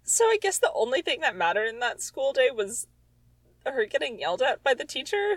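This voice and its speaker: A woman's voice: sits high, very animated, moderate pace, no room sound, poor audio. A woman reading her own childhood story aloud, with sarcastic, exasperated comic asides. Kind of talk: comedic reading with commentary.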